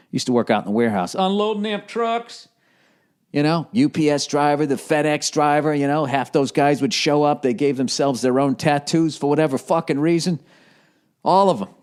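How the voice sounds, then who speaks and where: A middle-aged man hosting a solo comedy podcast, profane and ranting, with a cough, recorded in an echoey home office. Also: a little high. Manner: profane, ranting, jumps into mocking put-on voices. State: has a cough. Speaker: podcast host. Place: home office with some echo. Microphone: studio headphones and recorder.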